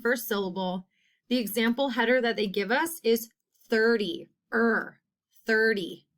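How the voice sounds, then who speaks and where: A woman's voice: on the high side, bright, forceful tone. A woman teacher giving a phonics lesson who spells out each sound and repeats every word in a short model sentence. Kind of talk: slow, deliberate phonics lesson.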